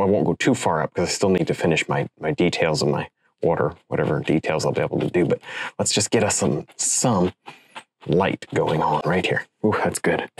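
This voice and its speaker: A man with a low, slightly husky voice teaches landscape painting in a loose, easygoing way. He muses over each stroke and cheers on the viewer. The sound is close and dry. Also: no echo. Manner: relaxed, thinks aloud, encouraging. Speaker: painting instructor. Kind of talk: casual painting demonstration.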